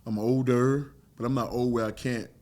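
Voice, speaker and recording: A man's voice: medium pitch, moderate pace. A man in his forties, a former fighter, telling stories in casual chat with a blunt, profane manner. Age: 40s. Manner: blunt, profane, animated storyteller.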